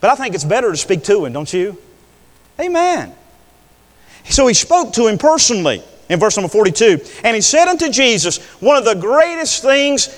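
Older guy preaching, high lively voice, big echoey hall, goes quiet then loud. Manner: impassioned, swings between hushed and loud. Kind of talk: sermon. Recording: long hall reverb.

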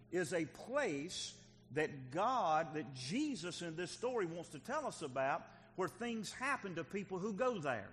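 A man preaching a sermon in an earnest style, swinging from loud emphasis to hushed intensity and often repeating his words. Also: fairly high pitch, long reverb tail, a little hiss or hum. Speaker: pastor.

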